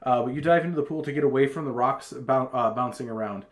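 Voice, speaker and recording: A man's voice: medium pitch, quick pace. A man narrating scenes and outcomes as the game master of a tabletop role-playing game.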